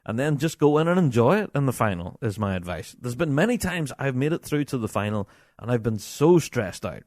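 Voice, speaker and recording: A middle-aged man hosts a podcast, chatting in a lively, easygoing way and laughing as he goes. His voice sits at an ordinary middle pitch. It is recorded close and dry, with no room sound around it. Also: a little fast, no echo. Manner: chatty, animated, laughs often, many fillers. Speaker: podcast host. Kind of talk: casual chat, reading listener emails.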